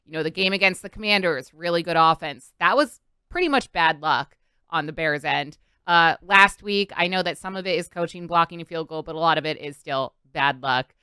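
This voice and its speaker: A woman's voice: low-pitched, brisk, pushed and bright, clear, resonant tone, no echo, clean studio sound. A woman co-hosting a sports talk show, confident and opinionated, with many fillers. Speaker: sports radio co-host. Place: Philadelphia radio studio.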